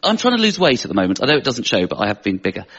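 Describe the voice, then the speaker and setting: A man's voice: medium pitch, huge pitch swings, racing, vocal fry. A posh-sounding English man doing self-deprecating stand-up comedy on a panel show. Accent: English, posh southern. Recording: lo-fi studio audience recording. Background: loud studio audience laughter.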